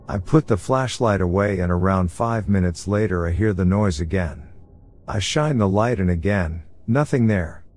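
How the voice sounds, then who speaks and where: Low-voiced man reading horror stories. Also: darkish tone. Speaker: podcast narrator.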